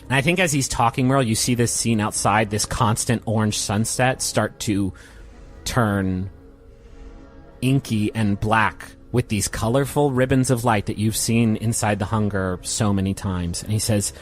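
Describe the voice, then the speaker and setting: A man narrating a tabletop role-play game in a relaxed, conversational way. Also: lowish voice, measured pace, faint music behind. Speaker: game master.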